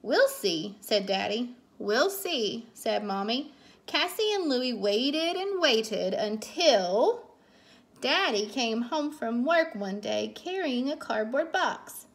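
A woman teacher reads a picture book aloud to children at bedtime. Her voice sits high and she takes her time, leaning into each line with lively expression. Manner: slow, expressive storytelling with character voices. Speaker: teacher reading a bedtime story.

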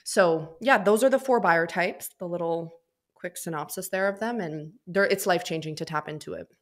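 A young adult woman, a business mentor and podcast guest, talking in a chatty, animated way and slipping into little voices for anecdotes. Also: on the low side, normal speed. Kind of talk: casual interview talk.

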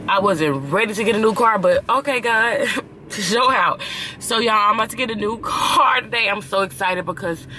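A young woman talking casually to her camera, excited, slangy and swearing, with loud bursts and laughter. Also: mid-range voice, moderate pace, a little hiss or hum. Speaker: vlogger. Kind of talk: casual vlog chat to camera.

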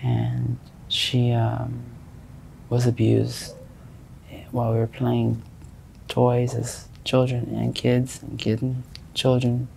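A man in his twenties telling his story in a street interview, rambling, halting and repeating himself. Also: medium pitch, completely flat delivery, gravelly, darkish tone, slight background noise, rough recording. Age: 20s. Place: outdoors on a city street.

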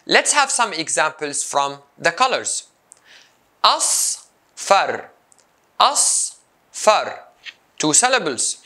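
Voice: medium pitch, big pitch swings, moderate pace, few pauses, bright, forceful tone. A language teacher giving a recorded lesson, saying each example word twice and then explaining it.

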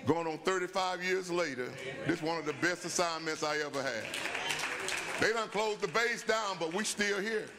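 An older man, a bishop and pastor, preaching at a Bible study and telling stories that climb into shouts, in a church sanctuary. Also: sits high, moderate pace, a crowd in the background. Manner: storytelling preacher, rising to shouts. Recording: long church-hall reverb.

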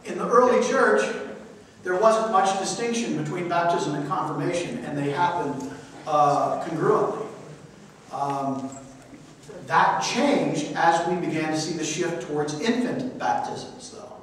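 A man's voice: on the high side, measured pace, a bit bright, slight background noise. A male priest teaching a church education class, reading quotations aloud and putting questions to his listeners. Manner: reads quotes aloud, asks the class questions. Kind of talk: church adult-education lecture. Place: church hall. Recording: echoey hall, mic far off.

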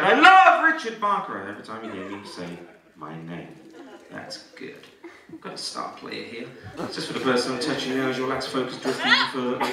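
Guy doing a comedy hypnosis show, soothing trance voice, big echoey hall, crowd laughing loud. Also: medium pitch, recorded from a distance. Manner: drops to a slow soothing murmur for trance suggestions; energetic and teasing with volunteers. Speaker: stage hypnotist. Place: college auditorium stage. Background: laughing audience.

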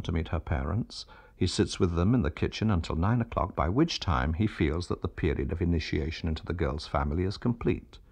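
A man narrates a radio documentary in a deep voice with a gravelly edge. His delivery is measured and lecturing, and the pitch moves freely across each sentence as he explains. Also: a little mellow.

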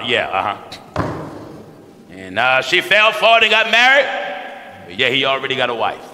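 An American man preaching a sermon in a large hall, his voice bright and ringing, with long reverb trailing each phrase. He talks in a folksy, animated way and swings his pitch widely. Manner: animated, folksy, mimics people with shouts and laughs. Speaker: pastor.

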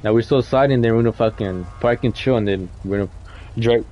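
A man's voice: medium pitch, brisk, lo-fi sound, soft background music. Young man hosting a game stream. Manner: loose slangy banter, calling players by name. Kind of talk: casual live-stream commentary.

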